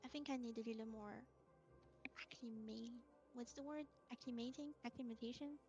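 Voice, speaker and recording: A woman's voice: fairly high pitch, steady tone, normal speed, lightly acted. A woman playing a polite, unsure female adventurer with a French accent in a tabletop role-play, hesitating and searching for words. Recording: dull lo-fi mic.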